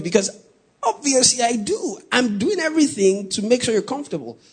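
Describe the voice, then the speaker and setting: Male pastor, husky tone, shouts for emphasis mid-sermon. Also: extremely high pitch, big pitch swings, brisk. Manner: preaching with rising shouted emphasis, jokes with the congregation.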